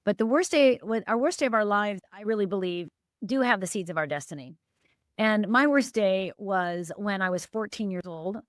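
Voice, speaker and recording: A woman's voice: normal speed, dry recording, studio quality. A middle-aged woman from Upper Michigan, a life coach telling a painful life story as a podcast guest, earnest and emphatic. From Upper Michigan, USA. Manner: earnest, emphatic, with sudden lifts and drops in pitch. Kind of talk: emotional personal storytelling.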